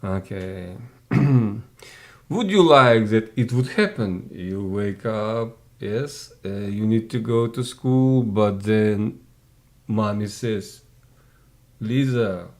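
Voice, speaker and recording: Slow-talking guy teaching english one on one, patient, repeats sounds over and over. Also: on the low side. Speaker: English tutor. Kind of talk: one-on-one language lesson.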